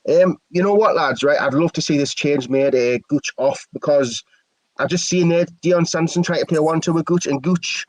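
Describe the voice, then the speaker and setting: A man's voice: a little high, normal speed, no room sound, low-quality recording. A man giving chatty, opinionated live play-by-play commentary for a fan stream. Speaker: match commentator.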